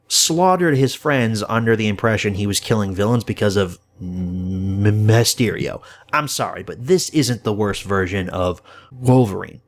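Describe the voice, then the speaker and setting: A young man giving an enthusiastic, profane spoken film review, with occasional stammers. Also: fairly low pitch. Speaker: movie reviewer.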